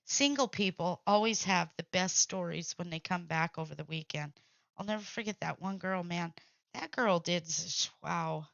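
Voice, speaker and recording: A woman's voice: on the low side, moderate pace, creaky, fairly bright tone, no echo. A woman hosting a crafting stream, chatting bluntly with salty language and frequent laughs. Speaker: crafting channel host. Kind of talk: casual craft livestream chat. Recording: dull lo-fi sound.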